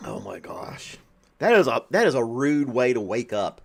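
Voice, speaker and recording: A man's voice: mid-range voice, big pitch swings, normal speed, slight background noise. A man hosting a podcast in casual chat, often breaking into laughter. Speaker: podcast host.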